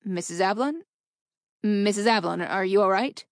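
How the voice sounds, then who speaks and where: A woman's voice: medium pitch, dry recording, natural voice. A careful, formal male lawyer who chooses his words with care, as a woman reader plays him. The read is close and dry. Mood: concerned. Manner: formal, measured.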